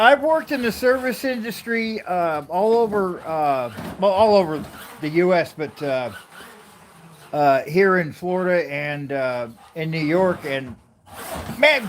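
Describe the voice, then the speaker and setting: A man's voice: high-pitched, slight background noise. A man chatting casually on a home livestream, rambling and friendly with many uhs. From United States. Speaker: livestream host. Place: living room at home.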